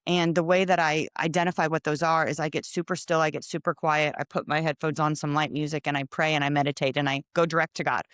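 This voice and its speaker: A middle-aged woman hosting a podcast, telling a personal story in casual chat with expressive, animated delivery. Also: low-pitched, fast talker, hardly any pauses, no room sound, studio quality. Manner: expressive, animated storytelling with lively quoted voices. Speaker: podcast host.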